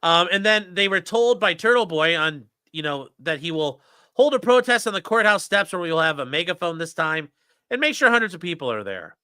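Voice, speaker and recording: A man's voice: sits high, sing-song, fairly quick, bright, forceful tone, clear, resonant tone, dry recording, clean studio sound. A man hosting a casual livestream, ranting sarcastically and with profanity while reading out and mocking legal filings. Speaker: host.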